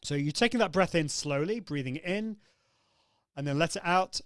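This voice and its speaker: A man hosts a live online coaching session, upbeat and demonstrative, acting out vocal exercises as he explains them. His voice sits on the high side with lively intonation, a moderate pace and a clear, resonant tone, recorded at studio quality with no room sound.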